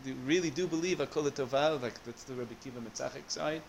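Guy giving a torah class, kinda high voice, lots of restarts, a little hiss in the background. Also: fast, vocal fry, hardly any pauses. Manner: animated, searching for words with many restarts. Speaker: Torah teacher.

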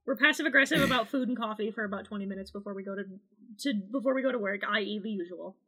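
A woman playing a tabletop role-playing game, describing her character with quick, wry, sarcastic asides. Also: mid-range voice, sharp tone, husky. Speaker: player.

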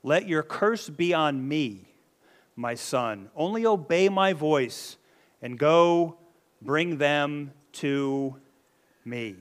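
A man's voice: a little high, animated, very slow, smooth. A man voicing a determined mother who gives firm orders to her son. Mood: insistent.

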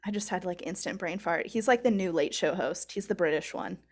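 A woman's voice: fairly low pitch, brisk. A woman co-hosting a podcast, explaining topics in a loose, rambling way with lots of fillers. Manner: rambling, many fillers and giggles. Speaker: podcast co-host. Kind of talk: casual chat.

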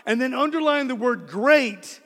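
High-voiced man preaching in a reverberant hall. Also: lively intonation, measured pace, fairly bright tone. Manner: emphatic preaching, repeats key words. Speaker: pastor. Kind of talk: sermon.

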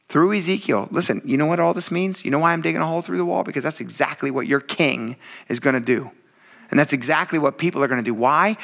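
A pastor preaches a conversational sermon, animated and often laughing, with some vocal fry. He drops into low, quiet asides and then rises into excited stretches.

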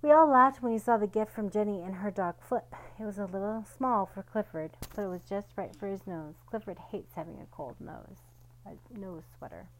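A woman reads a children's picture book aloud at a middle pitch. Her delivery is gentle and storytelling, and she gives each character a light voice of its own. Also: moderate pace, slight background noise, rough recording. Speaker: storybook reader.

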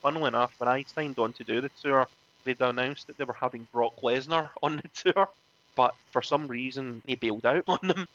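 A man, a former wrestling referee, telling animated stories in a casual interview, often laughing and acting out other people's lines. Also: mid-range voice, a little fast, highs cut off. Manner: animated, laughs often, acts out quoted voices.

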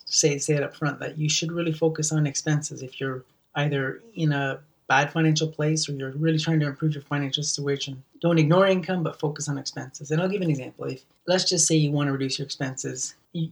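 A man's voice: a little high, recorded from a distance. A man hosting a solo podcast, talking earnestly and often repeating words as he restarts sentences. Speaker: podcast host.

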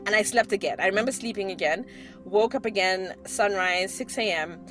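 A woman's voice: medium pitch, brisk. Chatty woman in her 30s vlogging, laughs a lot, music playing behind her. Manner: chatty, laughs often, many fillers and restarts. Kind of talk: personal storytelling to camera. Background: background music.

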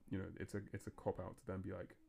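A man hosts a casual podcast chat, his voice low and gravelly with a flat, even pitch. He talks fast and rambles, breaking off and restarting his thoughts as he goes. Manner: fast, rambling, self-interrupting talk. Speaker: podcast host.

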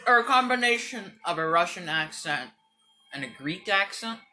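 A woman's voice: lowish voice, lively intonation, normal speed, sharp tone, slight background noise. A woman hosting a casual podcast, dry and sarcastic, trailing off into fillers as she thinks. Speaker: podcast host. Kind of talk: casual chat.

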